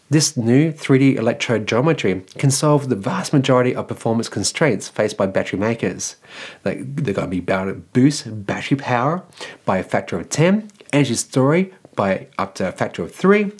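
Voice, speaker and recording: A man's voice: mid-range voice, breathy edge. A man from Australia hosting an electric car news show, reading his script in a loose, casual way and filling gaps with "like" and "well". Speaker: EV news host.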